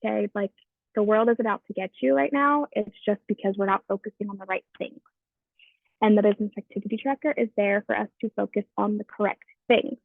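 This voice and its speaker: A woman's voice: medium pitch, fairly even intonation, a little fast, creaky, no echo. A woman hosting a team call, upbeat and encouraging as she introduces her co-leader. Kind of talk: motivational team call talk. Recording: dry, tinny phone-like line.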